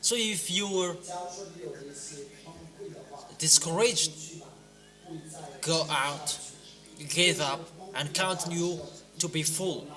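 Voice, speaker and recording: A man preaching a sermon, exhorting his listeners with loud, emphatic commands that fall back to quieter lines. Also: drawn-out words, long pauses, crowd noise. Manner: exhorting, rising to loud emphatic commands then dropping low. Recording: clear music playing behind the voice.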